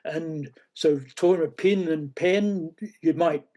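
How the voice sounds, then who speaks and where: A man's voice: a little high, warm tone. A man, a guest expert, giving explanatory interview answers with frequent fillers and restarts. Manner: halting, many fillers and restarts.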